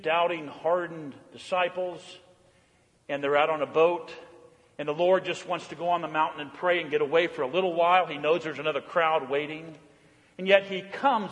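A man preaching a sermon in a church, his fairly high voice trailing off into long reverb from the hall. He moves from forceful, emphatic lines to hushed, tender ones, repeating words for weight. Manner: swings from loud, emphatic declarations to soft, hushed tenderness. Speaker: pastor.

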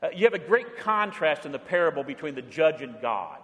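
Pastor, man, middle-aged, high voice, bold-to-hushed storytelling sermon in a reverberant church hall. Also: big pitch swings, a little fast. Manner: storytelling preacher, swings between bold and hushed.

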